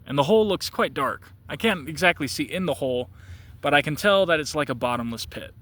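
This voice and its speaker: Bright, halting male storyteller. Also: on the high side, lively intonation. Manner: halting, repeats words, chuckles often. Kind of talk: casual first-person storytelling.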